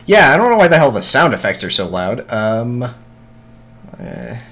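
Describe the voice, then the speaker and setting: A man's voice: mid-range voice, sing-song, normal speed, a bit bright. A man streaming a video game, muttering to himself in casual, scattered chatter with frequent swearing and hiccups.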